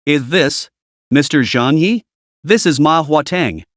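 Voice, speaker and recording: An earnest company founder speaks with solemn weight in a story recap, voiced by a male narrator. His voice sits a little high. The sound is dry and close. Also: slow pace, no echo.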